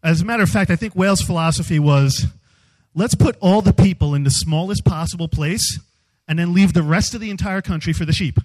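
A man speaking as a youth speaker, giving a humorous storytelling sermon in an animated, self-mocking way. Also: high-pitched, brisk, low-quality recording.

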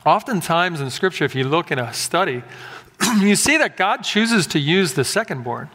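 A man's voice: sits high, very animated, moderate pace, sharp tone. A male pastor giving a sermon in a conversational, joking and emphatic way. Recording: echoey hall.

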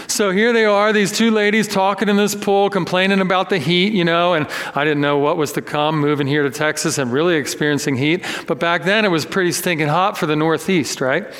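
Pastor guy preaching, animated funny storyteller, high voice, big church echo. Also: a little fast, few pauses. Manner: animated, self-deprecating storytelling. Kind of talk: sermon with personal story. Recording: long echoey reverb of a hall.

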